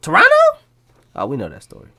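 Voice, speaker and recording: A man doing an impression of a boastful basketball player, with a lower, quieter and smug delivery. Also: huge pitch swings, fast talker, vocal fry, husky, full character voice.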